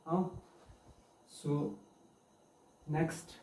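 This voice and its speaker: Man, language teacher, very slow repetitive drilling, dark mellow tone, distant mic, roomy echo. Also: on the high side, fairly even intonation. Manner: slow, repeats each sound and word over and over as a drill. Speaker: English pronunciation teacher. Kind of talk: pronunciation lesson. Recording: echoey room, voice from far off the mic, faint hiss.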